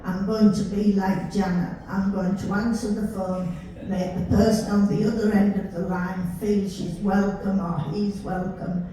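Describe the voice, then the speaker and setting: An older woman with a Yorkshire accent, chatting warmly as she tells stories from her life. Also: medium pitch, flat delivery, unhurried. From Yorkshire, England. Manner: chatty, warm storytelling with laughs. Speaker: storyteller recalling her life. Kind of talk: casual reminiscing. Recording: roomy, distant mic with faint hiss.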